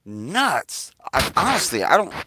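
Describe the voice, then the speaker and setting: A man's voice: a little high, huge pitch swings, unhurried, noisy background. A man ranting casually to camera as a vlogger, agitated, swearing constantly and repeating himself. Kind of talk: casual profane rant to camera.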